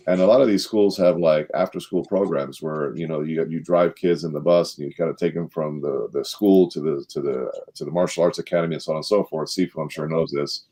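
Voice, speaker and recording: A middle-aged man on a leadership panel, telling an anecdote and acting out the quotes with a lifted voice. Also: slightly rough. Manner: animated storyteller, acts out quotes with rising pitch. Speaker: panel guest, former sales director. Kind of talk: storytelling in a leadership panel talk.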